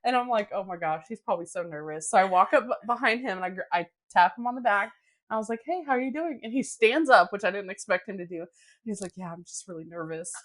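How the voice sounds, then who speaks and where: A woman co-hosting a podcast in casual chat, reacting quickly and laughing often. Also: mid-range voice. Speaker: podcast co-host.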